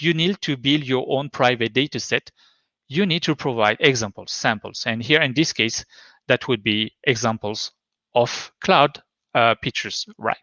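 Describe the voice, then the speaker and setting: Male conference presenter, French accent, muffled slightly dull line, halting delivery full of "uh". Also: medium pitch, sharp tone, no room sound. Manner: hesitant, many fillers and restarts. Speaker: conference speaker. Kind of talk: technical talk with live demo. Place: home.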